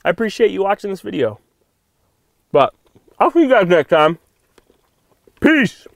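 A man's voice: high voice, sing-song, a little slow, a little hiss or hum. A man casually chatting to the camera in a van vlog in a playful, joking manner. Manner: playful, talks to his dog, sings goofily. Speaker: vlogger. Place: camper van in winter.

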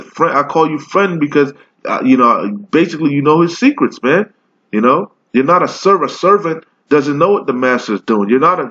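A man preaching in a relaxed, slangy way, reading scripture slowly before breaking into loose commentary. His voice sits at an ordinary middle pitch. The recording is a little dull and lo-fi. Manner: reads scripture slowly, then riffs in loose street slang. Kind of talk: casual scripture teaching.

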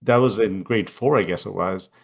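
A man's voice: on the low side, moderate pace, gravelly. A middle-aged man whose first language is not English, telling his life story candidly as an interview guest. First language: non-English first language. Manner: reflective and candid. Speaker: guest, coach and speaker.

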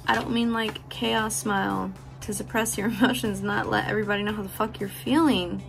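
A beauty vlogger with a medium-pitched, gravelly voice speaks briskly with fairly even intonation over soft background music. Talking candidly to camera, she gives her viewers a frank, profane, affectionate motivational talk and laughs often.

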